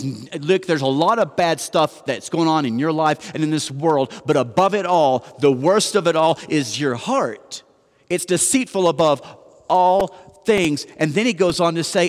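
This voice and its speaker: A man's voice: fairly high pitch, animated, moderate pace. Conversational male pastor in a reverberant hall. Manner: conversational, self-deprecating, rhetorical questions. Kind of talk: sermon. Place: church sanctuary. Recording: long church hall reverb.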